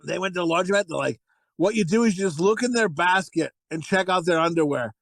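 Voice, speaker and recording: A man co-hosting a casual movie review podcast, talking in a crude, profane, rambling and excitable way. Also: high-pitched, fast talker, gravelly, low-quality recording. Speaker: podcast co-host.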